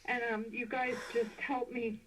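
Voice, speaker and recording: A woman calling in to a radio show, speaking emotionally and gratefully with many hesitant pauses. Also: fairly high pitch, level tone, a bit bright, a little hiss or hum. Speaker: caller. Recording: dull, distant phone line.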